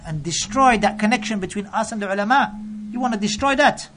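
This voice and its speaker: A man preaching a sermon, emphatic and full of rhetorical questions, reciting scripture quickly in between. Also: high voice.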